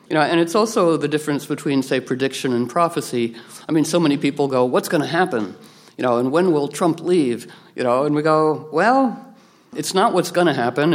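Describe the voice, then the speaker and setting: Guy rambling through a spiritual talk, lots of restarts, jumps into silly voices for quotes. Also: medium pitch. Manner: animated, quotes others in playful voices, many restarts.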